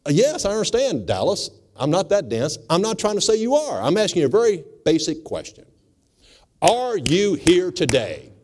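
A male pastor preaching an emphatic sermon in a church, stressing words with dramatic pauses. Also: sits high, wildly swooping pitch, a little mellow. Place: church sanctuary, also broadcast by radio.

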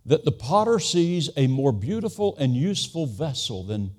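A man's voice: medium pitch, very animated, normal speed, darkish tone. Earnest man in his sixties preaching. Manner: earnest storytelling, acts out quoted voices. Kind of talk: sermon.

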